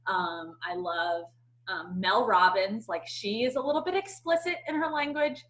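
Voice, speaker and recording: A woman talking on a team coaching call in a relaxed, chatty way, full of "like" and quick restarts. Her pitch sits in the middle, and she jumps into animated voices whenever she quotes someone. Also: low-quality recording. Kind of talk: casual chat.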